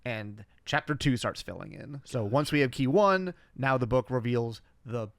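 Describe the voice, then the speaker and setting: A man co-hosting a podcast, casually retelling scenes in a relaxed, wry way with filler words. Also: mid-range voice, moderate pace, gravelly, no room sound, studio quality. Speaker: podcast co-host. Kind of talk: casual recap chat.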